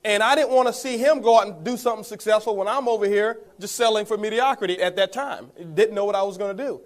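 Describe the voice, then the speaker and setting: A man with a high voice speaks quickly while giving a motivational talk in his role as a network marketing speaker. He relates his story to the listeners, chuckling and referring to them as guys.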